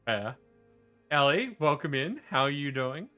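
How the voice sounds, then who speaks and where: A man's voice: a little high, very animated, unhurried, pushed and bright, soft background music. A male streamer chatting casually over gameplay, joking and greeting viewers in chat by name.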